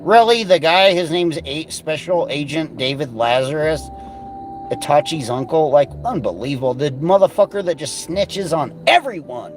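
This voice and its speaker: A man's voice: a little high, moderate pace. A man hosting a livestream, ranting in a rambling, profane, mocking way. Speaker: livestream host. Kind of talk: profane casual livestream rant. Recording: clear music playing behind.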